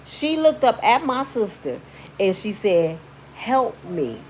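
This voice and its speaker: Fairly high-pitched and a bit slow, a woman vlogger recounts a story in slangy, blunt, emphatic commentary over slight background noise. When she quotes people, she acts them out in lively shrieks.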